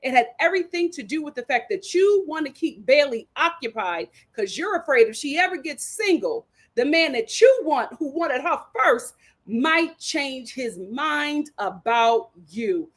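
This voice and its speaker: A woman's voice: sits high, unhurried. A young woman, retelling a reality show episode as host in casual, sassy commentary. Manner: animated storytelling with sassy asides.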